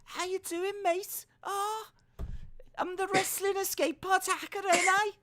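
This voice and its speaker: A man putting on a loud, exaggerated Cockney accent as a cheeky male hacker. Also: very high voice, level tone, measured pace, pitched above the performer's own voice, exaggerated voice. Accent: put-on Cockney. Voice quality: shouty and exaggerated.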